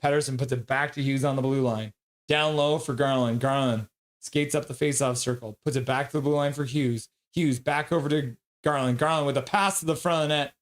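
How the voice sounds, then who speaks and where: A man streaming live play-by-play of a hockey game, calling the action quickly and reading viewer comments between plays. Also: mid-range voice. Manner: rapid play-by-play, bursts into loud excited voices when reading chat.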